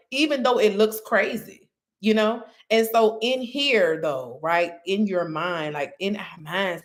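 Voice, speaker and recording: A woman, chatting candidly to viewers about faith and her eating habits, calling them y'all. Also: lowish voice. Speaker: vlogger. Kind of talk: casual faith-based talk.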